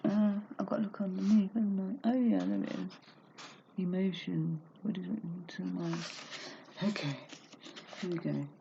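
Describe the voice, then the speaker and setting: Her voice fairly low, creaky and mellow, a woman reads a self-help book at normal speed with fairly even intonation and long pauses, chatting openly between passages. It's an emotional home vlog with laughter and talking to herself, recorded on a laptop webcam mic that sounds dull and lo-fi with a little hiss or hum.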